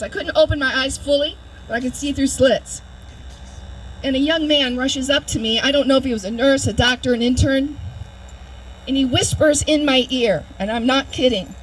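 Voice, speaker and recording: A woman's voice: high-pitched, slight background noise, rough recording. Woman telling her story at a rally. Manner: storytelling, imitates heart monitor beeps. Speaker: speaker at a public demonstration. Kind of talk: personal testimony speech. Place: outdoor event.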